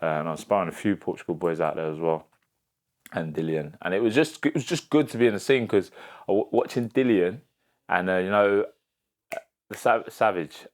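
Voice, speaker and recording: A man's voice: deep voice, a little fast. A young man, a professional boxer chatting casually as a podcast guest, rambling, slangy and swearing freely. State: emotional, near tears. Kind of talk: casual chat.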